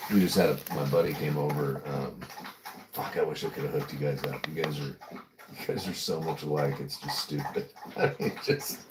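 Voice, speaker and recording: A man's voice: rumbling low, steady tone, moderate pace, echoey room, very noisy. A man hosting a livestream, telling rambling stories in casual chat, swearing and acting out voices. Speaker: livestream host.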